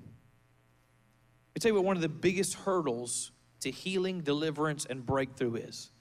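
A male pastor delivering a fervent sermon in a church, building to rousing shouts and leading the congregation in prayer. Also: on the high side, unhurried, pauses often.

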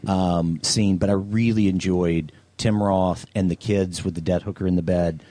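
A man's voice: deep voice, fairly even intonation, moderate pace, dark tone, no echo. A man from the American South, co-hosting a podcast and giving blunt, opinionated movie takes with lots of ums and restarts. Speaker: podcast co-host. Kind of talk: casual movie-review chat.

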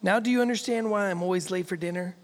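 A man voicing a crude, boastful macho man who narrates his own love scene, reading it in a lower, coarser voice than his own. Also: quick pace, close to an everyday voice. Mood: scornful. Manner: coarse swaggering first-person reading. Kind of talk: comic reading of a novel excerpt.

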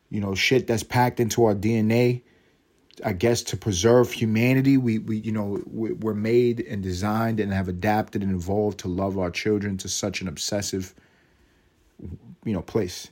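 A man's voice: lowish voice, darkish tone. A man hosting a casual solo podcast, rambling and swearing freely, mocking himself and breaking into laughter. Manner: rambling, profane, self-mocking with bursts of laughter. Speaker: podcast host.

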